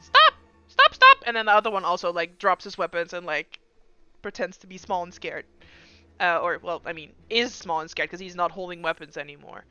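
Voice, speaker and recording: A woman's voice: fairly low pitch, steady tone, fairly quick, bright, forceful tone, smooth. A woman narrating as game master in a loose, giggly way with lots of fillers. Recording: slightly muffled dry recording.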